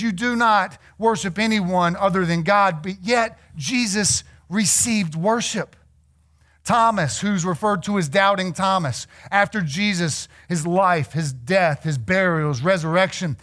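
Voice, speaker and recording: Animated high-voiced male preacher. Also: a little slow. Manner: animated storytelling, acts out biblical figures; drops to a hushed low voice for emphasis. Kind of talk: sermon.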